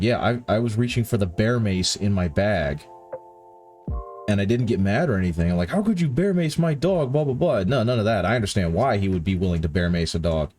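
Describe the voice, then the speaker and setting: A man who grew up in the countryside hosts a livestream, painting miniatures and chatting with viewers. His voice sits low and is a little mellow, and he rambles, corrects himself and sounds tired.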